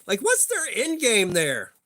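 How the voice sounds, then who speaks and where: A man's voice: high voice, huge pitch swings, unhurried, bright, forceful tone, no echo, clean studio sound. A young man hosting a casual livestream, rambling profanely and greeting viewers in chat by name. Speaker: livestream host.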